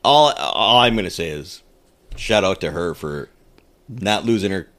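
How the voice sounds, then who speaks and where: A man in casual chat, teasing his co-host and chiming in with quick jokes. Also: deep voice, animated, fairly bright tone. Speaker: podcast co-host.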